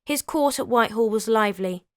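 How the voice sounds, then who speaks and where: A woman's voice: on the high side, brisk, no echo, clean studio sound. A woman hosting a history video, telling the story in a scripted but conversational way, with chatty asides.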